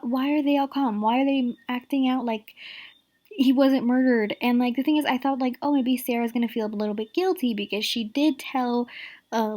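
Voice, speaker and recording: A woman's voice: fairly high pitch, a little mellow. A woman giving a casual, exasperated opinion rant about a show, filling her talk with "like" and "the thing is". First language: Spanish. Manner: exasperated, rapid, repeats "like" and "the thing is". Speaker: show reviewer.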